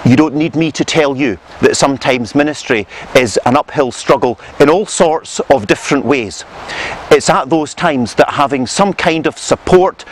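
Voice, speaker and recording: A man teaching theological reflection to camera outdoors in a measured, earnest, gently pastoral manner. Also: mid-range voice, a little hiss or hum. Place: outdoors on a rural path and hillside.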